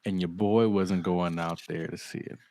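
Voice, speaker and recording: A man's voice: low-pitched, fairly even intonation, normal speed, darkish tone. A young man hosting a podcast, teasing his co-hosts and leading the talk in an upbeat way. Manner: upbeat, teasing, leads the segments. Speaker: podcast host. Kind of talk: casual chat.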